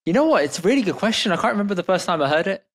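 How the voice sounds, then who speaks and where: Lively, quick-talking jokey man. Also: high voice. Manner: jokey, reads memes, lively banter. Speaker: podcast co-host. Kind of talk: casual chat.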